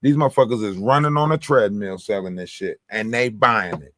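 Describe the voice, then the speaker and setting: A man's voice: on the low side, brisk, no echo, studio quality. A man hosting a livestream with casual, profane commentary, telling stories and mimicking other people's lines. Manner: profane, animated storytelling with mimicked quotes. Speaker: livestream host.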